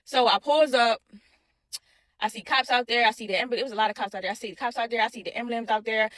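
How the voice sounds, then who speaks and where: Fast-talking woman telling a story. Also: on the high side, dry recording. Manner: animated, repeats herself, addresses viewers as y'all. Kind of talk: casual storytime.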